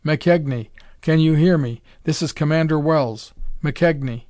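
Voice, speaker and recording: A man voicing an urgent, brisk submarine commander who gives clipped orders. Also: fairly high pitch, dry recording.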